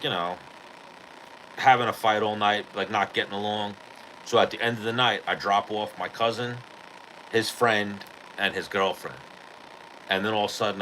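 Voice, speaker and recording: A man with a fairly low voice tells stories on his podcast in loose, profanity-laden chat. He acts out what people said as he goes. There is a faint hiss of noise behind him. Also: rough recording. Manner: profane, animated storytelling with acted-out quotes. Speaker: podcast host. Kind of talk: casual storytelling chat.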